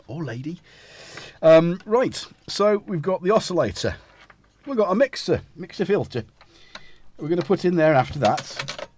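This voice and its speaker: A man's voice: a little high, darkish tone, breathy edge. A man with a northern English accent hosting a casual live stream, rambling, chatty and self-deprecating as he talks. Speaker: host.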